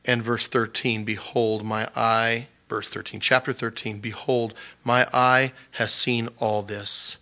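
A man's voice: fairly low pitch, little pitch movement, takes it slowly, few pauses, pushed and bright. A man preaching a sermon in a conversational way, laughing often and acting out voices. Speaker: pastor. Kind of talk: sermon teaching.

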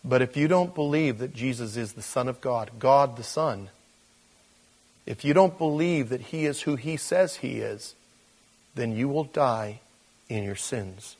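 A man preaching a sermon as pastor, in a conversational way with fillers and restarts, moving between quiet intensity and animated emphasis. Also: medium pitch, a little slow, husky.

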